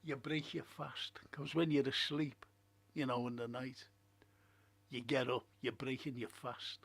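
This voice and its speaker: A man's voice: mid-range voice, little pitch movement, measured pace, vocal fry, fairly bright tone, husky. A man hosting a casual live stream, chatting in a rambling way, musing aloud and reading out viewer comments. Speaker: livestream host. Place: at home.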